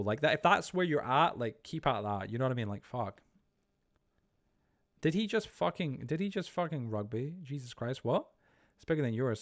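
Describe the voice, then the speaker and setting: A young man streaming live, chatting casually, swearing freely and reacting to viewer chat he reads aloud. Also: medium pitch.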